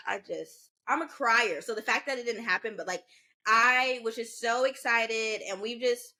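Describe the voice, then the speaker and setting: A twenty-something woman co-hosting a podcast speaks a little slowly in a slightly high voice. Her casual chat is full of animated storytelling, and she imitates the voices of people she quotes.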